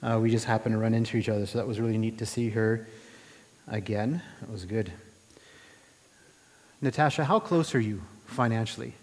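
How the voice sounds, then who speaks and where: A man preaching a sermon in a relaxed, conversational way, asking rhetorical questions and often restarting his phrases. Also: on the low side, normal speed, long pauses. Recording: reverberant hall.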